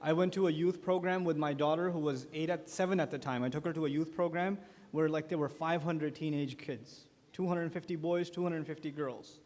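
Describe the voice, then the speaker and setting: A man speaking at a youth conference, giving a religious lecture with animated storytelling and acted-out quotes. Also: on the high side, a little fast. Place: large conference hall. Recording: long echo of a large conference hall.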